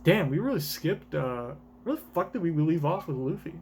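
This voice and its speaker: A man streaming a live manga reaction, rambling, swearing casually and thinking out loud. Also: a little high, big pitch swings, normal speed, a little hiss or hum.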